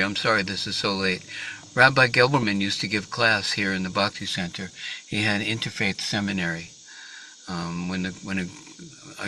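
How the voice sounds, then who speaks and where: A man's voice: lowish voice, bright, forceful tone, a little hiss or hum, rough recording. A man giving a religious class in a temple, telling a story with many fillers and restarts. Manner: hesitant starts, many fillers. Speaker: class speaker. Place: temple hall.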